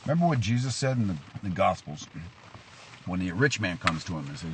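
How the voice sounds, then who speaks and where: A man's voice: a little fast, background noise. A man giving an informal devotional talk, asking questions and telling stories to make his point. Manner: questioning, tells stories, lively rises in pitch. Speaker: preacher. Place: outdoors in rain.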